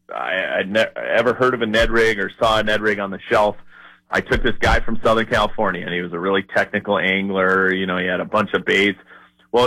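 A man's voice: fairly low pitch, no room sound, rough recording. A man from Minnesota, a fishing guide, telling fishing stories in a casual podcast conversation with lots of fillers. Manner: storytelling, animated, lots of fillers.

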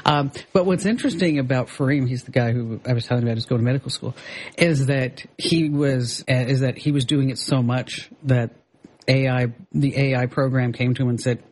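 A male radio host talking in a husky, slightly breathy voice. He rambles in a relaxed way, doubling back on his words and dropping in fillers as he chats into a studio mic. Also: mid-range voice, brisk. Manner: relaxed and chatty, with frequent filler words and restarts. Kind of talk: casual radio chat.

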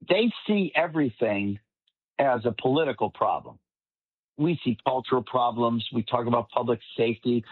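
A man's voice: mid-range voice, husky, no echo. A man appearing as a political commentator guest, talking at length in an emphatic, long-winded way. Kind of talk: panel commentary. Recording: tinny phone-like line, dry.

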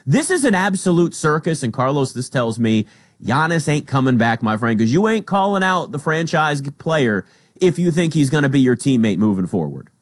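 A man hosting a sports talk show, arguing with emphatic swings between loud emphasis and quick asides. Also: a little high, big pitch swings, dry recording, studio quality.

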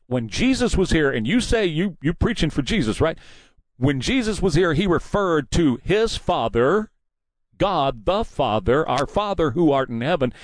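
A man's voice: fairly high pitch, dry recording. A man hosting a combative, mocking political commentary monologue.

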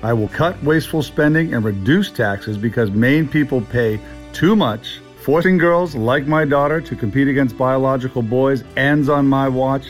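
A man, a candidate for office, speaking firmly and assertively in a campaign ad. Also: medium pitch. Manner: firm, assertive delivery. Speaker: political candidate. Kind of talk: campaign ad speech.

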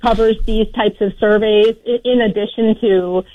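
A woman's voice: medium pitch, steady tone, moderate pace. A woman advocating for parents as a guest on talk radio, explaining earnestly with many fillers. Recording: dry, dull radio broadcast audio.

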